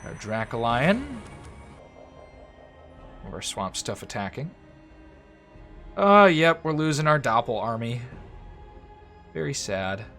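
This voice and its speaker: A man's voice: mid-range voice, big pitch swings, slow, pauses often, a bit bright. A man giving casual, chatty commentary while he plays a strategy game, often talking to the units on screen. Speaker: gameplay commentator. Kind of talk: casual let's-play commentary. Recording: faint music behind the voice. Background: faint game music.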